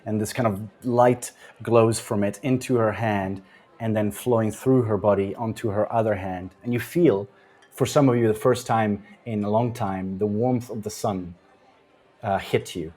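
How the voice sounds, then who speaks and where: A man narrating a tabletop game as game master, chatty and relaxed, often restarting his sentences. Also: lowish voice, normal speed.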